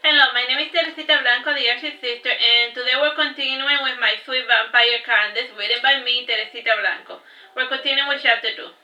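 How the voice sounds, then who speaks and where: A woman's voice: a little high, fairly even intonation, brisk, sharp tone, a little hiss or hum. A woman reading aloud from her own novel, casual and unpolished, with restarts and small slips. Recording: roomy, distant, dull home recording.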